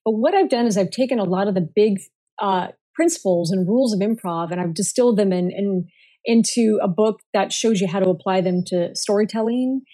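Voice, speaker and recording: A woman guest on a marketing podcast, talking in an animated, playful way and laughing often. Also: medium pitch. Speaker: guest, marketing speaker and author. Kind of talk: casual podcast interview.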